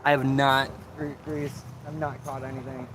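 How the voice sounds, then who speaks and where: A man's voice: mid-range voice, flat delivery, normal speed. A man from Florida hosting a casual livestream outdoors while fishing, chatting and tossing questions to his viewers. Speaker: livestream host. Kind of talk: casual live-stream chat with viewers. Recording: noisy outdoor livestream audio.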